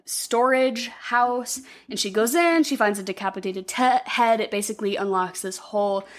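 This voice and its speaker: Podcast co-host, woman, slightly higher voice, loose and rambling plot recap. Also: moderate pace. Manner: rambling, animated retelling with acted quotes and swearing. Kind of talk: casual movie recap chat.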